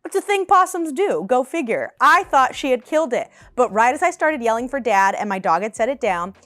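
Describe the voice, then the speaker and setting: A woman in her twenties, a vlogger in her apartment, telling animated, casual storytime chat and laughing often. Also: high voice, brisk, no echo, studio quality.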